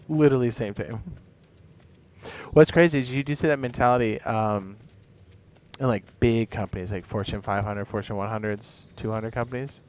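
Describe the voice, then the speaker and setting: A man's voice: on the low side, normal speed, a little hiss or hum. A tired man chatting casually while streaming a game, rambling and swearing, laughing at his own jokes.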